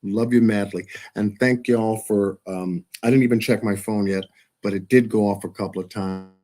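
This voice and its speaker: A man hosting his live stream, signing off in a relaxed, chatty way and laughing often. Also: on the low side, moderate pace. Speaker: host of a live show. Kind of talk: casual live-stream sign-off.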